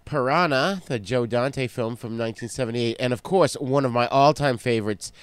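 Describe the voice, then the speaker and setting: A man hosting a casual podcast chat, enthusiastic and quick to laugh. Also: medium pitch, clean tone, no room sound. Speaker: podcast host.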